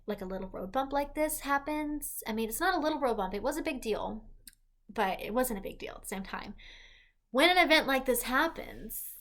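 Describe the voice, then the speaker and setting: Young woman vlogger, pregnant, mid-pitched, candid and rambling, loose conversational flow. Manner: rambling, heavy use of "like", self-correcting. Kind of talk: casual confessional vlog.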